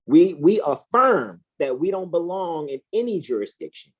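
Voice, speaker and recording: Woman, animated, preachy, profane, lowish voice, swooping pitch. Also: normal speed, slightly rough. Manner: emphatic, profane, preachy, swings between high and low pitch. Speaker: co-host. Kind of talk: heated casual discussion.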